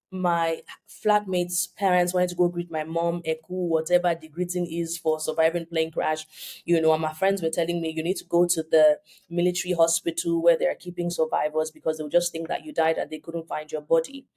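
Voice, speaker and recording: Nigerian woman with a gravelly, dark voice. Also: lowish voice, normal speed. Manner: animated, acts out quoted voices. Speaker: podcast guest. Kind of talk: storytelling in an interview.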